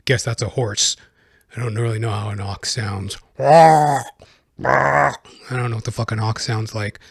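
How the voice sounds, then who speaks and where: A man's voice: on the low side, steady tone, measured pace, pauses often, slightly rough, no echo, studio quality. A man hosting his own podcast, telling stories in a casual solo monologue, profane and rambling. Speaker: podcast host.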